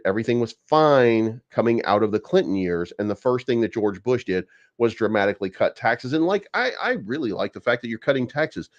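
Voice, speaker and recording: Rambling, profane crypto host. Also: male voice, fairly low pitch, a little mellow. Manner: rambling, profane, many restarts. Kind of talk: casual market commentary. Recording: dull lo-fi sound.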